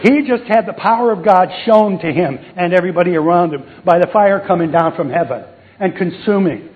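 Man, sermon, storytelling, high voice, tinny phone-like sound. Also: brisk. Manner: storytelling, acts out voices, jokes with the audience. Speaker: preacher.

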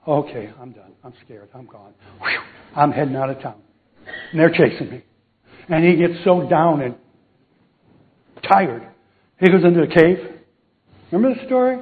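Man preaching over a tinny line. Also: high voice. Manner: storytelling, acts out voices, jokes with the audience. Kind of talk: sermon. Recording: tinny phone-like sound.

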